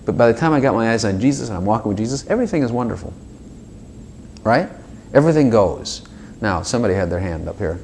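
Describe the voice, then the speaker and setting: A man's voice: lowish voice, quick pace, slight background noise. A man giving an informal sermon to a small group, talking straight to his listeners with lots of asides and little acted dialogues. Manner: animated, talks directly to listeners with frequent asides and acted dialogues. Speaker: preacher.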